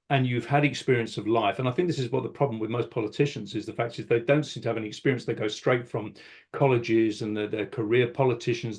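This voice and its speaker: A man, interviewing a guest and asking halting, rambling questions full of restarts. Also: mid-range voice. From South London. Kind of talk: casual interview talk.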